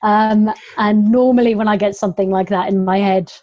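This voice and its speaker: A woman's voice: mid-range voice, steady tone, normal speed, highs cut off. A young adult woman, a long-distance runner, chatting casually in an interview, laughing often and quoting herself. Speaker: ultrarunner guest.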